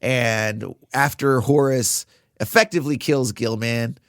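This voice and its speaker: A man in his thirties co-hosting a casual film podcast, animated and acting out lines from the movie. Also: mid-range voice, measured pace, dry recording, clean studio sound. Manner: animated, acts out movie lines in funny voices. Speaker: podcast co-host.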